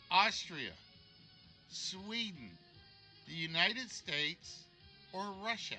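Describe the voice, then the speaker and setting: A man's voice: on the high side, measured pace, sharp tone, faint music behind. A man hosting a live-streamed trivia game show, joking and teasing the contestant.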